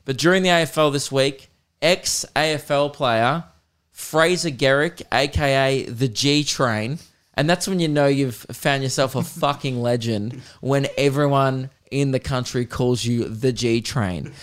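Smooth-voiced Australian man rambling jokily. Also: mid-range voice, unhurried, fairly bright tone. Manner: rambling, joking, swearing freely. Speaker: podcast host. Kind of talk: casual comedic chat.

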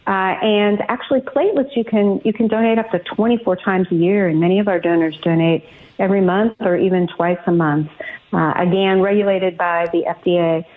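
A woman executive explaining her organization's policies in a steady, informative way on a radio interview. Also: mid-range voice, fairly quick. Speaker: blood bank executive guest. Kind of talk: radio interview over the phone. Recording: tinny phone line.

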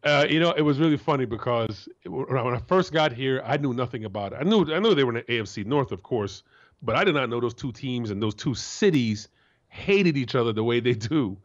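A man in his forties from Florida, co-hosting a sports talk show as a former player, blunt and profane, jumping into a high voice to act out quotes. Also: expressive, a little fast, dull audio. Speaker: co-host, former NFL player.

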